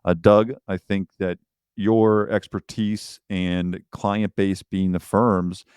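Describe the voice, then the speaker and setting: A man's voice: low voice, flat delivery, slow pace, a little mellow, smooth, no room sound, clean studio sound. A man co-hosting a casual podcast, thinking aloud as he talks. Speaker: podcast co-host.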